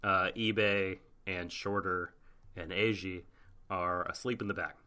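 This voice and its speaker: A man in casual podcast chat, recapping an anime episode slowly and rambling with lots of fillers. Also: low-pitched, steady tone, pushed and bright. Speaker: podcast co-host.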